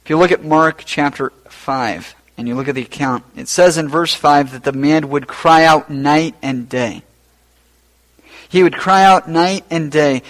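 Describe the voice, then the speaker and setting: A man preaching a sermon as pastor, rising to loud emphatic peaks and then dropping low and quiet. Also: poor audio.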